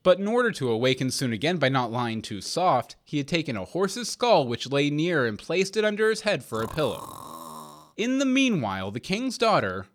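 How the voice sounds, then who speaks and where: A man reads an old fairy tale aloud, measured and expressive. His voice sits a little high and moves a lot in pitch. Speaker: reader. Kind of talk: storybook narration.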